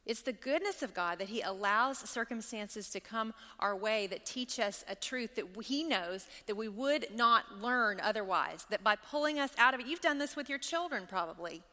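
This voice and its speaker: Woman doing bible teaching, bright sharp voice, reads the verses then asks lots of questions, long hall echo. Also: on the high side, animated, normal speed, hardly any pauses. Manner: reads scripture, then explains with rhetorical questions.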